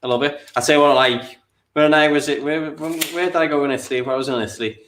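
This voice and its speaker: A man's voice: fairly high pitch, fast, fairly bright tone, roomy sound, slight background noise. A man with an English accent chatting casually while playing a tabletop wargame. He rambles, corrects himself as he goes, and laughs easily. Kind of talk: casual chat during a game.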